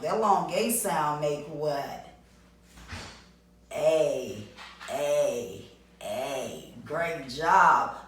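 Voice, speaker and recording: A woman teacher leads young children through a reading lesson, slow and a little low, with encouraging sing-song praise. She sounds far from the mic in a very echoey room, with faint noise behind her.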